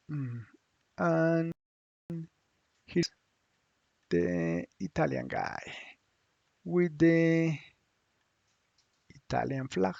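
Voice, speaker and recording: A man teaching a lesson, thinking aloud slowly with hums and restarts as he works on screen. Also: fairly high pitch, sing-song, creaky, darkish tone, dry recording, lo-fi sound. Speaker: Spanish teacher. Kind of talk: screen-share language lesson.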